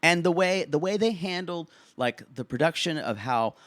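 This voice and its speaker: Male podcast co-host, lively swooping delivery, raunchy humor, frequent laughs, dry close mic. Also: on the high side, moderate pace, no echo. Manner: animated, raunchy, laughs often. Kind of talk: casual comedic recap chat.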